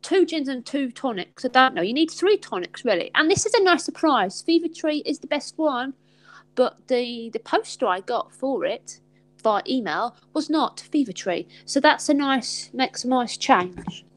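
A woman hosting a casual live stream from home, chatty and giggly and quick to poke fun at herself. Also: high voice, expressive. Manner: chatty, giggly, self-mocking. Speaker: host.

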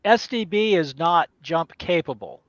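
A man playing a tabletop game, asking the game master rules questions and agreeing quickly. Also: a little high, lively intonation, fairly bright tone, no room sound. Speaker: player. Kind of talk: casual tabletop game chat. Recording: dry, dull lo-fi mic.

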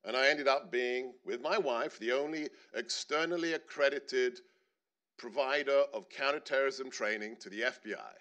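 A man's voice: medium pitch, moderate pace, a bit bright. A middle-aged man telling a personal story on stage at a panel, earnest and building to emphatic points. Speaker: panelist speaker.

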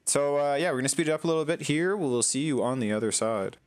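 A man's voice: fairly high pitch, lively intonation, fast, smooth. Chatty man narrating his gameplay. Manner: chatty, talks back to game characters. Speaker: gaming channel host. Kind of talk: casual let's-play commentary.

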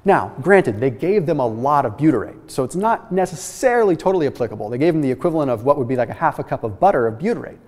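A man hosting a nutrition science explainer, talking in an energetic, emphatic way and often checking in with "okay?". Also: medium pitch, quick pace, hardly any pauses. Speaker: host. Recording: reverberant room with long echo.

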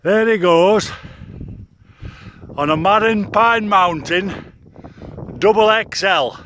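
A man's voice: high voice, slow, fairly bright tone. A middle-aged man with a Yorkshire accent, joking his way through a mountain-bike vlog, filmed on his phone outdoors. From Barnsley, Yorkshire. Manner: jokey, self-mocking commentary. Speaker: vlogger. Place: outdoors on moorland trails. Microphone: phone selfie while riding. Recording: outdoor phone recording with noise.

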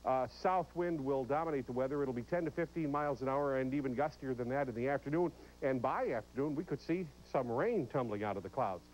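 A man's voice: medium pitch, brisk, few pauses, darkish tone, dull audio. A man giving a live TV weather forecast, chatty and playful, dropping joking asides about his own phrasing. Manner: playful, self-mocking asides. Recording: faint hiss on an old broadcast.

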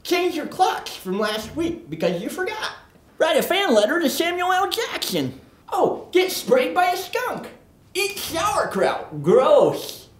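A performer voicing a boastful oddball man who wants to be a leprechaun, in a comedy sketch monologue, lurching from manic shouts to low mutters. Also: very animated, takes it slowly, exaggerated voice. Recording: roomy echo.

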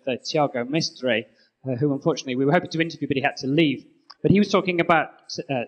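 A man co-hosting a live conference roundup, joking in a deadpan way. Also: a little high, poor audio. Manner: playful, deadpan jokes. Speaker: co-host.

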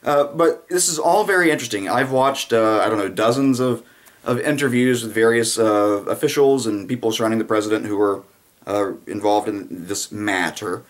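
A man's voice: on the low side, normal speed. A man giving a casual, sarcastic political commentary monologue, rambling with frequent fillers.

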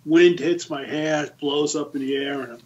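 A man in his sixties, a podcast guest, telling lively anecdotes in a casual storytelling style. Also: a little high, measured pace, lo-fi sound, slight background noise. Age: 60s. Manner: lively anecdotes, acts out the quoted voices.

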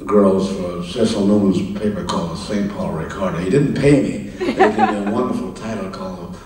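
An older man telling stories from his life as an interview guest on stage, chuckling often and pausing with fillers. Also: low-pitched, darkish tone. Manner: anecdotal, chuckling, halting with fillers. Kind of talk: live stage conversation, storytelling. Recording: roomy, distant mic in a hall.

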